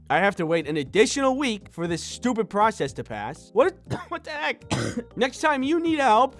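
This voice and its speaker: Young guy doing a funny storytime, voice bouncing all over, sarcastic, bit of music under it. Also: high voice. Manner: wry, animated, bitter sarcasm with voiced quotes. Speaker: animator and storyteller. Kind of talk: comedic storytime narration.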